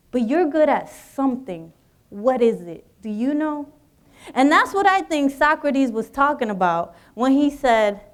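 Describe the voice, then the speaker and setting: Guest speaker, woman, high bright voice, warm encouraging address to students in an auditorium. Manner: encouraging, addresses audience directly. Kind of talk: motivational speech to students. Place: university auditorium.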